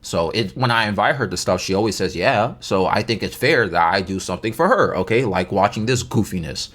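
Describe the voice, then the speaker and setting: A man's voice: low-pitched, lively intonation, brisk, fairly bright tone. A man telling a casual story time, rambling along with stammered restarts and slang.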